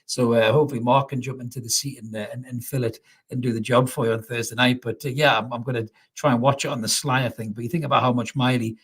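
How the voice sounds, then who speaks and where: A man's voice: mid-range voice, fairly even intonation, fast, breathy edge. A Geordie man hosting a live post-match reaction stream from home, reading viewer comments, swearing freely and repeating himself. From North East England. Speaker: fan channel host reading comments. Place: at home, indoors.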